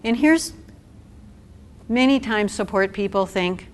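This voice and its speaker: A woman social worker giving a talk to a support group, animated and acting out quotes with laughs. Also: medium pitch, measured pace.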